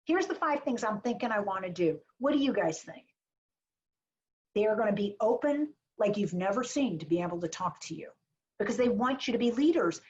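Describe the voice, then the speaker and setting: Over a video call, a woman who advises small businesses on marketing gives a chatty, blunt webinar talk full of jokes and asides. Her voice is fairly high and darkish, and the dull lo-fi audio carries a little hiss or hum.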